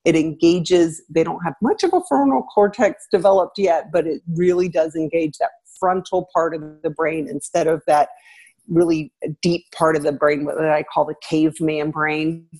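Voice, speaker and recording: A woman with a slightly low, husky voice talks through parenting tips like the teacher she once was. She speaks in an easy conversational way and laughs between points. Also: moderate pace. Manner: animated, laughs, acts out quotes with pitch jumps. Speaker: parenting guest expert, former teacher. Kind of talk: conversational advice.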